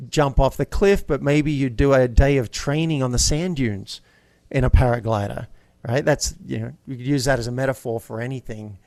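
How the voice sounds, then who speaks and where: A man's voice: medium pitch, normal speed, gravelly, a little mellow, no echo. A man guest in an interview, a coach talking casually and telling stories with upbeat energy.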